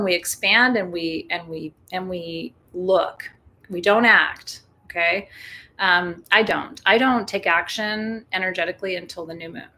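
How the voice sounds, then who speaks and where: A woman's voice: fairly low pitch, sharp tone, a little hiss or hum. Chatty woman leading a live moon ritual. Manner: chatty, joking, laughs often, talks to viewers directly. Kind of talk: casual live-stream talk. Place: indoors, burning sage.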